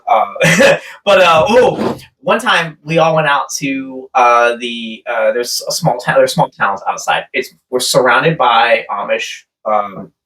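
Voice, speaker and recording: A man's voice: mid-range voice, takes it slowly, hardly any pauses, bright, forceful tone. A man telling a rambling story in casual podcast chat, often laughing. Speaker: podcast co-host. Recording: voice a bit far from the mic.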